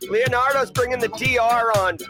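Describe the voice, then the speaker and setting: A man hosting a daily cybersecurity news livestream, hyped and sing-song as he shouts out viewers and places. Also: extremely high pitch, fairly even intonation, normal speed, music in the background. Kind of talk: energetic livestream chat with viewers.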